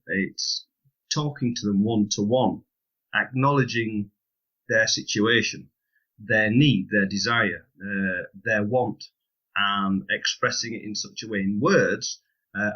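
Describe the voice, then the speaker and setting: Man with a bright, forceful voice. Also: lowish voice, muffled recording. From United Kingdom. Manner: chatty, explains with lively asides and light humour. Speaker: podcast co-host. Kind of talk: casual business chat.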